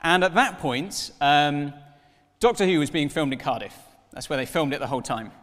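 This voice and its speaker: A man in his thirties preaching a sermon, telling stories with lively acted-out dialogue. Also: fairly high pitch, moderate pace, long reverb tail. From Wales. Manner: animated storytelling, acts out dialogue in voices.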